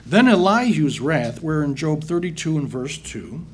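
A man's voice: a little high, big pitch swings, normal speed, husky. A man preaching a sermon, reading Bible verses aloud and then putting them into plain everyday words, calling his listeners brethren. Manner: reads verses then paraphrases in plain talk, addresses congregation as brethren.

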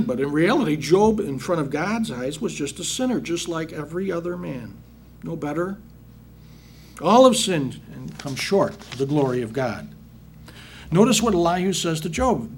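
A male preacher with a somewhat high voice that rises and falls a great deal as he works through scripture. He reads a verse, then recasts it in casual speech for his congregation, over a faint hiss of background noise. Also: gravelly. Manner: reads verses then paraphrases in plain talk, addresses congregation as brethren. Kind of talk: sermon, Bible exposition.

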